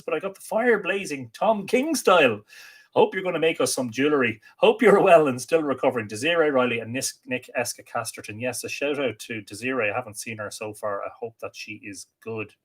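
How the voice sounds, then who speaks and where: Man, livestream host, mid-range pitch, chatty and welcoming, reads viewer comments aloud. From Ireland. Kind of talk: casual livestream greetings.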